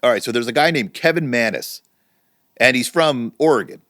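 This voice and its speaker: A middle-aged man co-hosting a casual podcast, telling stories with lively energy and free swearing. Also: mid-range voice, normal speed, dry recording, clean studio sound. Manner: animated storytelling, swearing freely. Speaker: podcast co-host. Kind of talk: casual chat.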